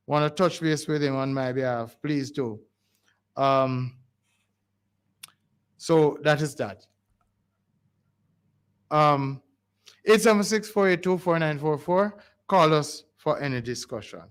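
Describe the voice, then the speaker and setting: This radio host has a fairly high, smooth voice and a Jamaican accent. On his call-in community show, recorded in a studio, he talks in a rambling, pleading manner and keeps restarting.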